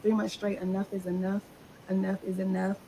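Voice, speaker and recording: A woman's voice: mid-range voice, completely flat delivery, a little fast, vocal fry, mellow, a little hiss or hum, rough recording. A woman in a played clip, delivering an angry, profane livestream rant and repeating herself heatedly.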